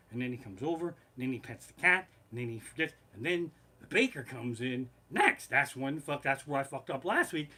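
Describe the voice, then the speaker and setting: A man's voice: a little high, breathy edge. A man doing comedic storytelling on a live stream from his living room, rambling, swearing freely and getting heated. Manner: profane, rambling and animated. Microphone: basic home streaming setup.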